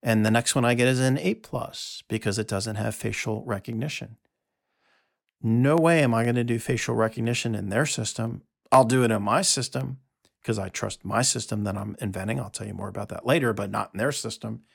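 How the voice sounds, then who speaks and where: A man hosting a solo audio monologue from his notes, talking in an emphatic, sarcastic way with quick asides. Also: on the low side, gravelly, breathy edge. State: out of breath. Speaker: podcast host.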